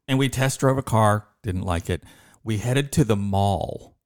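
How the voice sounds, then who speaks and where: A man's voice: fairly low pitch, moderate pace, dry recording, clean studio sound. A man hosting a podcast, telling a story in a casual way and acting out the voices of the people in it. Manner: lively storyteller who acts out quoted voices. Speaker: podcast host.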